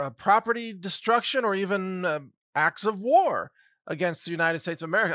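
High, bright-voiced sarcastic male commentator. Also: no room sound, clean studio sound. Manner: sarcastic, rhetorical questions, chuckling. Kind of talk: solo commentary monologue.

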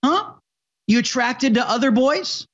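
Sly creepy teacher put on by a man, high-pitched and stammering, recorded on dull lo-fi audio. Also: expressive, measured pace, exaggerated voice. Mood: mocking. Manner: leering, stammering, pushy questions. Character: sly adult male teacher grooming pupils.

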